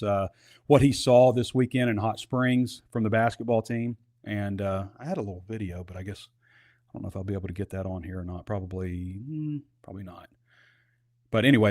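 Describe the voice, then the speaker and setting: A man's voice: lowish voice, darkish tone, no room sound, clean studio sound. A man hosting a casual sports talk show, talking in a conversational, rambling way with asides.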